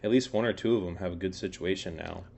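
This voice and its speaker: A man's voice: sits low, quick pace, gravelly, darkish tone, slight background noise. A young man co-hosting a casual sports podcast, rambling with lots of fillers and swearing. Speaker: podcast co-host.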